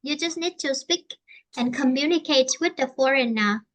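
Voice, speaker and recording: Vietnamese-accented woman teaching english online, high voice, says things twice to make them stick. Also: fairly bright tone. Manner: explains slowly in simple English, repeats herself.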